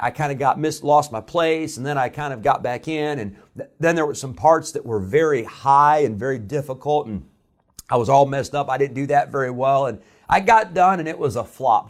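A man from Illinois preaching a sermon as pastor. He tells a personal story in a conversational way, with frequent "uh" fillers and restarts. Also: medium pitch.

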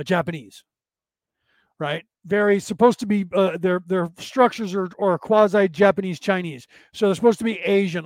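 A man hosts a loose spiritual talk, rambling, circling back and repeating his points like a preacher. His voice is high for a man, and the recording is close and dry. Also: dry recording. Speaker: podcast host.

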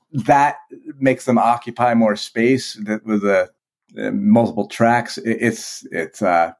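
A man's voice: medium pitch, darkish tone. A man from Vermont, a band's singer, talking as a guest in a casual podcast interview, swearing freely and often repeating words as he restarts his sentences. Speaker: guest, band vocalist.

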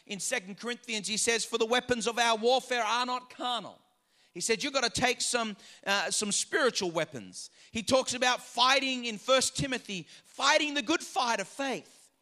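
A pastor preaching a sermon to his church, with a very high voice for a man. His tone is bright and forceful, and he hammers home repeated phrases while leading the congregation in call-and-response.

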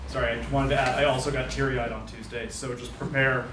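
A man's voice: medium pitch, little pitch movement, brisk, background noise. A man hosting a live literary event, casually introducing the next reader with fillers and asides. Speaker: event host. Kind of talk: introducing a speaker. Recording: roomy hall, distant mic, faint ambience.

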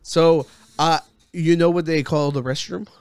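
A man with a Texan accent co-hosting a podcast, teasing and giggling in quick banter. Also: on the high side, steady tone, smooth, no echo. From Mexico. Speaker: podcast co-host. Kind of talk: casual chat.

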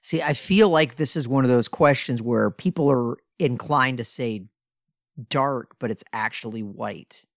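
A man co-hosting a casual trivia chat, relaxed and self-mocking, reading questions out slowly while drinking beer. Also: medium pitch, dry recording, clean studio sound. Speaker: podcast co-host playing trivia.

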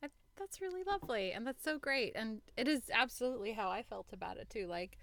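A woman's voice: a little high, lively intonation, fairly quick, gravelly. A young woman co-hosting a casual podcast chat, affirming her co-host and speaking with enthusiasm. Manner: warm, affirming listener, enthusiastic.

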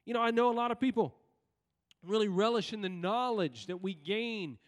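A male pastor with a high-sitting voice preaches a sermon at a moderate pace in a church sanctuary. He often puts questions to the congregation and waits for them to answer. The recording carries the long hall reverb of the church.

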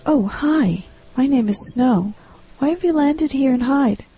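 A sultry, naive maiden, as a woman acts her out, with a husky, gravelly voice and a dark, mellow tone. Faint music sits behind her. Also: sits high, animated, a little slow, exaggerated voice, poor audio. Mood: coy. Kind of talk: comic amateur pantomime.

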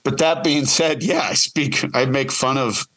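A man's voice: medium pitch, a little slow, a bit bright, husky. A man who co-produces the podcast, joining as its guest for a casual, joking, rambling chat. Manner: rambling, self-correcting, joking.

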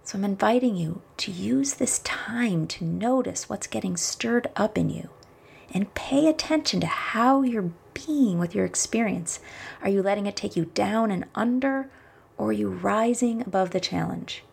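A woman podcast host speaking gently and encouragingly, reflecting and telling a fable, sometimes dropping to a whisper. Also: mid-range voice, expressive, moderate pace, vocal fry, slightly rough. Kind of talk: reflective monologue with storytelling. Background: background music.

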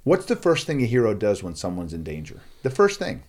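A man telling a lively story as a guest in a conversation, acting out the voices of the people in it. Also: fairly low pitch, brisk. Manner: acts out voices, lively and playful. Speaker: guest, school assembly speaker.

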